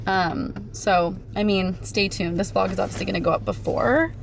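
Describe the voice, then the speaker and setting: Young woman, vlogger, casual chat, gushy, lots of "like", vocal fry, faint background hiss. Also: medium pitch, moderate pace. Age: young adult. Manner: gushing, chatty, says "like" constantly. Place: home, then in a car.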